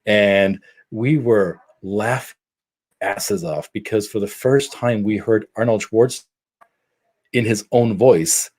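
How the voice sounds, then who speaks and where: A middle-aged man from Germany, telling stories in a casual podcast chat, animated and prone to restarts. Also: fairly low pitch, slow pace. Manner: animated storyteller with frequent restarts. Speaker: podcast co-host.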